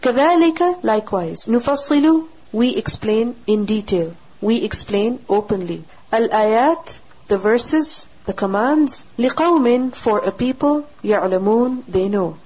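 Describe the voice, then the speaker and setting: A woman's voice: a little high, animated, moderate pace, a little mellow, husky. A woman reading a scripture translation word by word, reciting each Arabic word in a raised tone and then glossing it in plain English. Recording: dull lo-fi recording.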